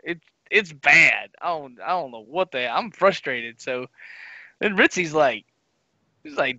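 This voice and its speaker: A man's voice: fairly high pitch, very animated, a little slow, creaky, bright, forceful tone, no echo, highs cut off. A man co-hosting a gaming podcast, telling a long story in casual chat and acting out his friends' lines. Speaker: podcast co-host.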